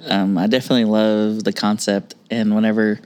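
A man's voice: on the low side, flat delivery, fairly quick, a little mellow, smooth. A man hosting a casual podcast chat, enthusiastic and jokey, swearing often. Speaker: podcast host.

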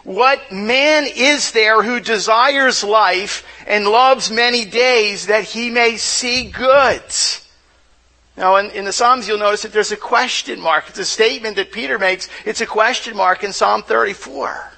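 Guy preaching a sermon, high voice, keeps asking questions and stumbling over words. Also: a little slow, vocal fry, sharp tone, rough recording. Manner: asks rhetorical questions to the audience; often repeats words when restarting. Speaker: pastor.

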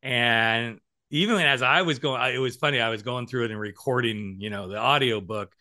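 A man in his forties hosts a relaxed podcast conversation with a bright, forward voice. He tells his stories with energy, slipping into other people's voices and laughing along the way. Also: mid-range voice, moderate pace. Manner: animated storyteller who acts out quotes, laughs often. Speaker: podcast host. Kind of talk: casual chat.

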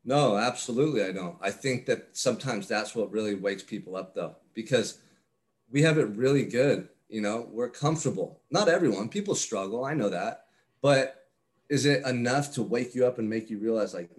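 A man's voice: fairly low pitch, moderate pace. A man speaking as a podcast guest, earnest and candid, with blunt casual swearing. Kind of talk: casual interview chat.

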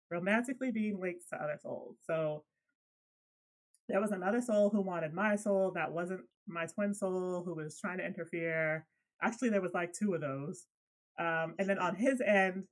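Woman co-host, casual podcast chat, lively and swears freely. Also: fairly low pitch, low-quality recording. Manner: animated, laughs often, swears when riled.

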